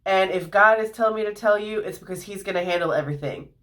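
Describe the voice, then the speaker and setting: A woman voicing a laid-back young male angel who calmly reassures someone, in a storybook retelling. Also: medium pitch, fast, lightly acted. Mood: reassuring.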